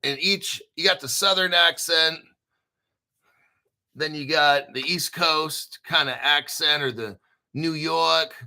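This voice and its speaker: Loud brash american dude, gravelly and bright, cussing a lot and clearing his throat. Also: fairly high pitch, slow. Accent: General American. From United States. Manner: brash, profane, joking asides, frequent throat clearing. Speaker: crypto video host. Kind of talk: casual commentary reading articles.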